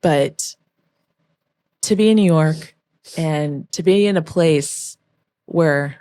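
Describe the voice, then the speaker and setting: A woman's voice: low voice, slow, no echo, studio quality. A young woman, a former backup dancer, telling an emotional story as a podcast guest and acting out the voices of the people in it. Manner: emotional, animated storytelling, acts out quoted voices.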